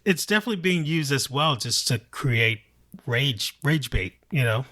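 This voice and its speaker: A man co-hosting a casual podcast chat, telling a story in a relaxed, loose way. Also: medium pitch, normal speed. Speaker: podcast co-host.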